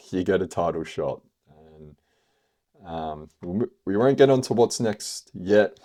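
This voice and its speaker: With a deep, dark-toned voice, this MMA podcast host talks through fight reviews in a casual, rambling way. His speech is stuffed with fillers such as "like" and "you know," plus an occasional curse.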